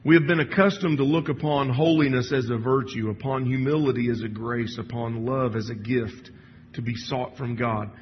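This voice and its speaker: A man delivers a sermon in a church hall, speaking in a loose, conversational way with frequent restarts and fillers. His voice sits at an ordinary pitch for a man. The sound is muffled, with a long hall echo and a faint hiss. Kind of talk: sermon with read passages.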